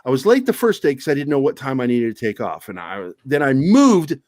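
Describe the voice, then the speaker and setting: A man's voice: medium pitch, very animated, a little fast, a little mellow, dry recording. A man guesting on a podcast, telling stories in a casual, profane, self-mocking way. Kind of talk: casual storytelling chat.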